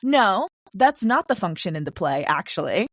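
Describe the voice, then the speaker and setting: Woman guest on a podcast, mid voice, opinionated, quick bursts, dry mic. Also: mid-range voice, sing-song, no room sound. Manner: chatty and opinionated, with quick runs and laughs between points. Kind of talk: casual podcast discussion.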